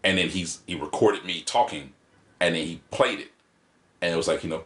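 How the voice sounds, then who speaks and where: A man, a guest poet, chatting in an interview and telling animated stories, acting out rhythms and quoting lines as he talks. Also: low-pitched, fast. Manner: animated storyteller who acts out rhythms and quotes. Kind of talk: casual interview chat. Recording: roomy echo.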